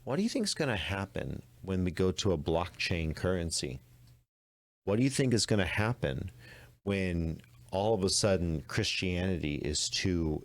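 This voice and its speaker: A man hosting a Christian apologetics podcast, arguing his points emphatically. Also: low voice. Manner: emphatic, argues with rising intensity. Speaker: podcast host.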